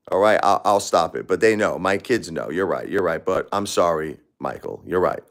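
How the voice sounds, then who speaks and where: A middle-aged man with a low, deep voice talks on a casual livestream and reacts to viewer comments. He is grieving and raw, murmuring soft condolences one moment and raising his voice in anger the next. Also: lively intonation, normal speed, creaky, few pauses. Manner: emotional, swings from quiet sympathy to loud angry outbursts. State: grieving and upset. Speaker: livestream host.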